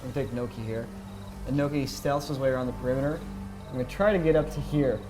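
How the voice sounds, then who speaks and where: A man's voice: mid-range voice, quick pace. A man playing a tabletop game, casual and playful. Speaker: player. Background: background music.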